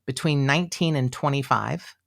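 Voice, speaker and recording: A podcast co-host walks through a true-crime case in loose, conversational talk. The voice sits at a middle pitch and gets animated, slipping into quoted voices with plenty of "you know" along the way. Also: normal speed, vocal fry. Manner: animated, chatty, acts out quotes, many fillers. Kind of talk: casual true-crime storytelling.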